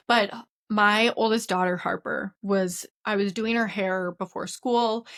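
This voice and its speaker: A woman hosting a podcast, giving a casual spiritual wellness lesson mixed with personal stories, in an earnest and open conversational way. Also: mid-range voice. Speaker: podcast host.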